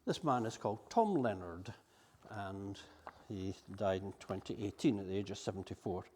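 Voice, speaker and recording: A man's voice: lowish voice, expressive, moderate pace, a little mellow, slight background noise. A Scottish man giving a public history talk to an audience in a hall, chatty and digressive while reading from his script. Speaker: local history speaker. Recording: long hall reverb.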